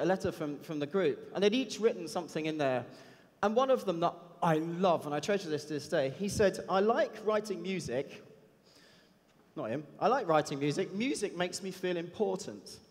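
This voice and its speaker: A man giving a chatty, self-deprecating anecdotal talk on a conference stage. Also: high voice. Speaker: conference speaker. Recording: long hall reverb.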